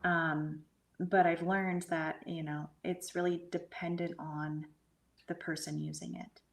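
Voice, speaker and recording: A middle-aged woman telling a personal spiritual experience in an earnest way, sometimes sinking to a hushed whisper. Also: fairly low pitch, level tone, measured pace, gravelly. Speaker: guest medium and energy healer. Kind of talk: conversational storytelling.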